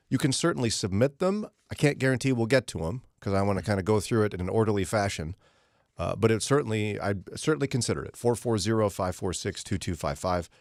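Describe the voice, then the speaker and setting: A male morning radio host with a lively, swooping delivery that jumps up whenever he mimics an outraged caller. He sits close to a studio microphone, and the sound is dry and clean. His talk is loose and chatty. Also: medium pitch, dry recording. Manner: animated, mimics angry listeners in raised voices. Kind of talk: casual radio chat.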